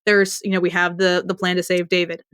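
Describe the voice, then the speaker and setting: A woman's voice: on the low side, level tone, fairly quick, fairly bright tone, smooth, dry recording, studio quality. A woman co-hosting a podcast in casual chat, rambling and laughing often. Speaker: podcast co-host.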